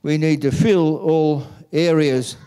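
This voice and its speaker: A man, a Catholic priest, giving a homily in a slow, measured storytelling manner. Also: fairly high pitch, fairly even intonation, dark tone, clear, resonant tone.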